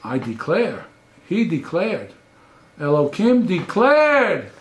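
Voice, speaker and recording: Animated older male lecturer, roomy echo. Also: high-pitched, takes it slowly. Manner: animated, emphatic, rhetorical questions. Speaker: professor giving a lecture. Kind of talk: classroom lecture with questions.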